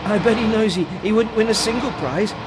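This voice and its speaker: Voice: mid-range voice, a little fast, voice pushed up, natural voice. A storyteller voicing a cheerful, confident older schoolboy who chats jollily. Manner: jolly, chatty. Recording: hissy home recording.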